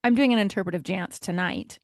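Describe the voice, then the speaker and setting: A middle-aged woman chats casually on a podcast. She tells stories in a lively way and laughs often. Her voice sits at an average pitch and sounds close and dry, with no room echo. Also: brisk. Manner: animated storyteller, laughs often. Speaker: podcast co-host. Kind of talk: casual chat.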